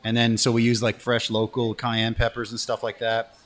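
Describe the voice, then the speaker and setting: A man's voice: medium pitch, monotone, normal speed, fairly bright tone. A man hosting a casual live show over food, laid-back and chatty, calling his guest brother. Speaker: host, restaurant owner.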